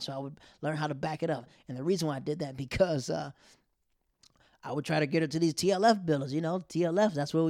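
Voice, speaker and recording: Animated man telling a comic story. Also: a little high, vocal fry, dry recording, studio quality. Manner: loose, animated, acts out other people's voices.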